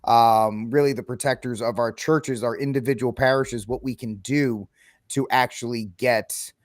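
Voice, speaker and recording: Halting male host, dry close sound. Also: mid-range voice, fairly even intonation, no echo. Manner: rambling, halting with fillers. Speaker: podcast host. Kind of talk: interview intro and questions.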